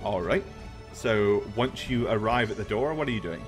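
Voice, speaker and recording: A man's voice: fairly low pitch, expressive, moderate pace, soft background music. A man narrating as game master, bantering and joking at himself. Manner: laughing, self-deprecating banter.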